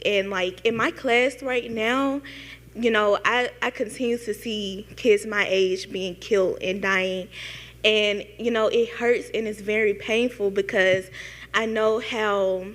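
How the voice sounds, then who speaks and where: A young woman in the audience asking a long, halting question, full of fillers and near tears. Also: mid-range voice, fairly bright tone, in a large hall. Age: young adult. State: tearful. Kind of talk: emotional question at a panel event.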